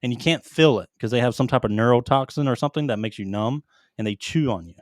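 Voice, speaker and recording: A foul-mouthed man in his thirties tells profane stories on a casual podcast. His voice sits mid-range and comes across as dry and close on the mic, with no room sound. He talks in lively, animated bursts. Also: mid-range voice, fast talker, dry recording. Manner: swears constantly, animated storytelling. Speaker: podcast co-host, military veteran.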